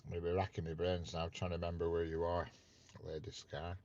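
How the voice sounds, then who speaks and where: Man host, very low voice, teasing casual live-chat delivery, dull lo-fi stream sound. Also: level tone, fast talker, darkish tone. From north of England. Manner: chatty, teasing, playful questions to viewers. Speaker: livestream host chatting with viewers.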